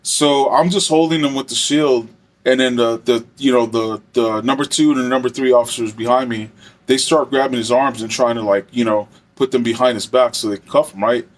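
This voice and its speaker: A man recounts a tale from his days as a correctional officer in a relaxed, storytelling manner. He rambles and circles back, filling his sentences with "like" and "you know," at an ordinary middle pitch. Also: brisk. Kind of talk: casual storytelling.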